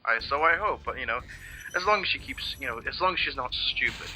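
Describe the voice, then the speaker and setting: A man's voice: medium pitch, animated, fast talker, music in the background. A man chatting casually over a video game, rambling, swearing freely and often hunting for the right word. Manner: rambling, profane, searching for words. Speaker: let's play co-host. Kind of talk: casual chat over gameplay.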